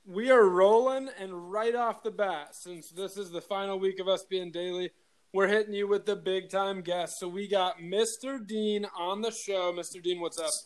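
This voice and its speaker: A man's voice: high voice, steady tone, moderate pace. A man hosting a school podcast, welcoming a guest in an upbeat, friendly way. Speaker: podcast host. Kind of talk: casual podcast chat.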